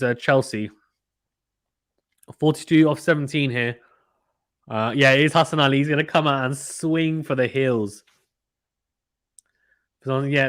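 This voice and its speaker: A man from the United Kingdom hosting a casual live cricket watchalong, reading viewer comments aloud and getting excited at big shots. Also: medium pitch. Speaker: host reading live chat.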